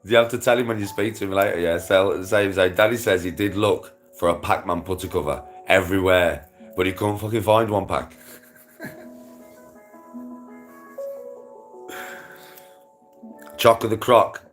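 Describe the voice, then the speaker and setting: A man with a lowish voice rambles through casual chat to his viewers, swearing freely and laughing between thoughts. Faint music plays in the background. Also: slow, long pauses. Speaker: livestreamer.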